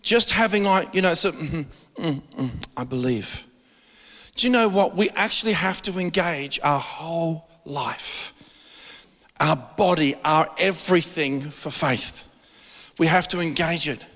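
A man giving a conversational sermon, telling lively, joking stories and acting out quotes. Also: fairly high pitch, a little slow. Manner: animated storytelling with jokes and acted-out quotes. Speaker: preacher. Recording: long hall reverb.

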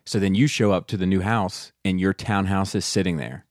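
A man with a low voice chatting casually as a co-host, spinning loose anecdotes with plenty of swearing. The sound is dry and close, with no room around it. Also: fairly quick, dry recording. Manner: animated storyteller, swears freely. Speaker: podcast co-host. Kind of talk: casual chat.

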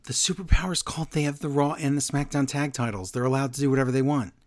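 A man casually recapping a wrestling show, sarcastic and animated, reading from his notes. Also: medium pitch, fast. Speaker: podcast host recapping wrestling. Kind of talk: casual chat.

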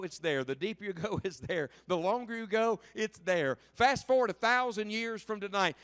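A man preaching a sermon to his congregation in a church, moving from quiet storytelling to fervent calls. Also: fairly high pitch, clean tone. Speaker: pastor. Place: church sanctuary.

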